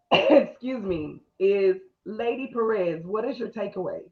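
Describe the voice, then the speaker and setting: A woman hosting a mentorship call, excitable and emotional, calling on guests for their takeaways. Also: medium pitch, slow pace, echoey room, muffled recording. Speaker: host and mentor. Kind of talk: casual video call chat.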